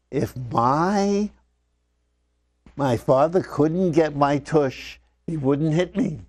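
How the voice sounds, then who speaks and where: Slow, reflective older man recounting memories. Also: on the high side. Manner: slow, reflective, often dropping softly. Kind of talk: personal storytelling addressed to his father. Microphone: wired microphone.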